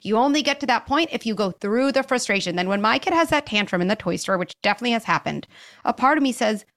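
A woman's voice: a little high, expressive, fast talker, fairly bright tone. A woman child psychologist speaking emphatically as a podcast guest, acting out little bits of parents and kids as she explains. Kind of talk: podcast interview.

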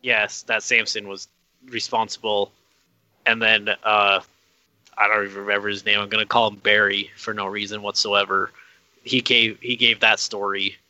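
A man co-hosting a podcast in relaxed, casual chat. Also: on the low side, moderate pace, no room sound, low-quality recording. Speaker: podcast co-host.

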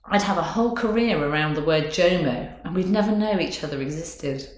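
Chatty low-voiced woman, roomy sound. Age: 30s. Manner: chatty, candid, quick to laugh. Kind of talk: casual chat. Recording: roomy echo.

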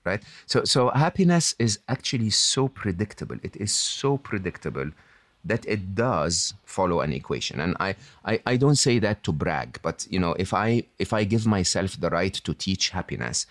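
A man's voice: deep voice, very animated, moderate pace, no echo. A man as a podcast guest, explaining in a self-assured, teacherly way and often adding "hmm?" or "okay?" to check in. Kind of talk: explaining to an interviewer.

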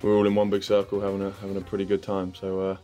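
A low-voiced man giving casual interview answers, low-key and hesitant, with plenty of fillers. His voice stays flat but moves quickly, and faint music plays underneath. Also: lo-fi sound. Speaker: interview guest, rugby player. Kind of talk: casual chat.

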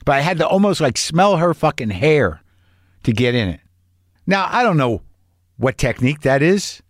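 A middle-aged actor talking in a rambling, earnest way in a casual personal vlog, swearing now and then. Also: male voice, a little high, very animated, moderate pace, dry recording, studio quality.

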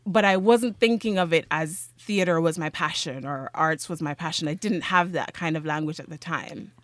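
A woman guest telling stories from her past in a casual conversation, animated and laughing often as she acts out the people she quotes. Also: low-pitched, moderate pace, dry recording.

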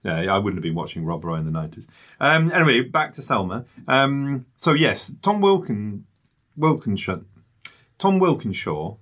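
A man's voice: fairly low pitch, big pitch swings, normal speed, a bit bright. A man, co-hosting a casual film review with jokey, rambling asides.

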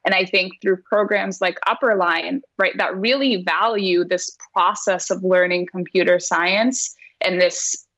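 A woman's voice: lowish voice, fairly even intonation, a little slow, a bit bright, no room sound, low-quality recording. A woman math teacher speaking earnestly in a casual conversation, often laughing as she talks and filling her sentences with "like.". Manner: earnest, laughs while talking, many "like"s.

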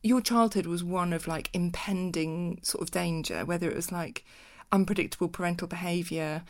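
A woman hosts a relaxed interview, asking curious, teasing questions. Her voice sits a little low, and she laughs easily between questions. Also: moderate pace. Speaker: podcast host. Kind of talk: casual interview.

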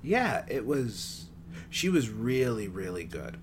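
A man's voice: mid-range voice, sing-song, slow, background noise. A man co-hosting a casual movie review chat, rambling with playful asides. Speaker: podcast co-host.

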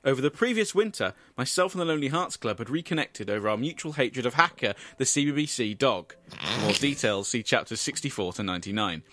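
A man hosting a comedy podcast, telling an absurd story in a dry, deadpan way with asides. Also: mid-range voice, a little fast, few pauses, no room sound.

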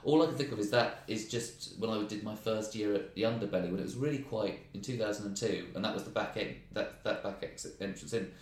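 A man's voice: on the low side, roomy sound. A comedian chatting casually and self-deprecatingly about his early shows. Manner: fast, rambling, self-deprecating. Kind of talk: casual chat.

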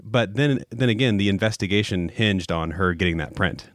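A man with a very deep voice chats casually and tells stories in a relaxed way. He perks up when he retells a scene. The recording is dry and close. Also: normal speed, dry recording. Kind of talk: casual chat.

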